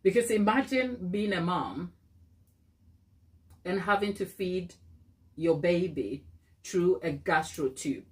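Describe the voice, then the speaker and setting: A woman's voice: fairly low pitch, slow pace, long pauses. Chatty woman hosting a baking live stream. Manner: chatty, reads viewer comments aloud and laughs often; thinks aloud while working. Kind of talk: casual live-stream chat.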